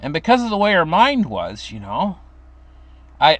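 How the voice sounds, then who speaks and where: A man's voice: huge pitch swings, normal speed, pauses often, fairly bright tone, no echo. An older man casually telling a story from his childhood, rambling with fillers and restarts. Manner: acts out quoted voices in a high pitch.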